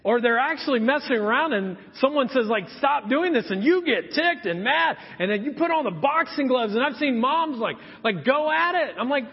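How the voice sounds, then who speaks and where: With a very high-pitched, breathy voice, a pastor in his fifties preaches at a moderate pace with few pauses. Standing in a church sanctuary, he acts out quotes as he tells his stories with animation, and the recording sounds muffled in the reverberant hall.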